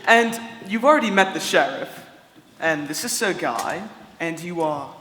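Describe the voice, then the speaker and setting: An actor playing a vain, pompous prince with a cruel streak, haughty and given to giggles, in a live stage play. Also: male voice, fairly high pitch, animated, a little slow, noisy background. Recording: echoey hall, music behind.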